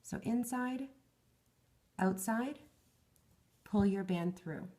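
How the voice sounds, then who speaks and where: A woman's voice: medium pitch, very slow, dark tone. Woman, craft tutorial host, patient step-by-step instruction, counts aloud, voice wearing out. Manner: patient, talks through each hand step, counts stitches aloud. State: losing her voice.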